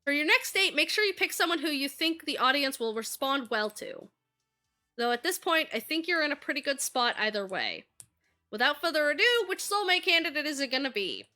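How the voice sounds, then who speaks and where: A woman voicing a businesslike female producer in a dating game, matter-of-fact and brisk. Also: sits high, sing-song, pushed and bright, soft background music, full character voice.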